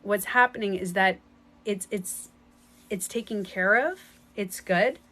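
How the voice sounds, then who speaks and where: A woman's voice: medium pitch, measured pace, a bit bright. A woman speaking as a spiritual coach in a casual motivational talk. She is emphatic and blunt, swears casually and often repeats herself.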